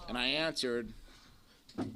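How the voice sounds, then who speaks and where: In a community center meeting room, a man in his forties shares his recovery story with a live audience, speaking bluntly, swearing plenty, and rambling. His voice is mid-range, and this live recording is very noisy.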